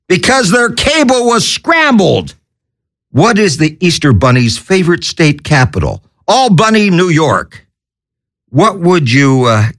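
A man with a high, wildly swooping voice hosts a comedy radio show. He works through wacky shout-outs and corny one-liners at an unhurried pace, breaking into manic yells. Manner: manic, wacky, cracking corny jokes and yelling. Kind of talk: zany comedy radio patter.

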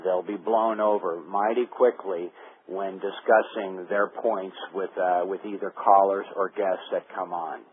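Measured male interviewer on a phone-like line. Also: sits low, steady tone. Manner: measured, leading questions. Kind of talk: interview about talk radio. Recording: phone-like sound with faint noise.

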